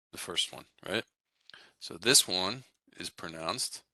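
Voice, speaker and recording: A man with a very low voice explains pronunciation to his class, steady and easygoing. His tone is strikingly bright and forceful, and it is recorded dry and close, with no room sound around it. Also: slow, dry recording. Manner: relaxed, explanatory, frequent "right?" and "okay?" check-ins. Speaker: Russian language teacher.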